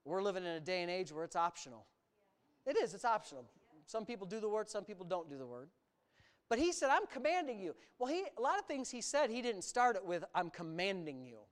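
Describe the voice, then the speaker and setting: Animated, emphatic preacher with a lively pitch. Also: quick pace, smooth. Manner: emphatic and animated, stretches words for emphasis, sarcastic asides. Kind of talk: sermon.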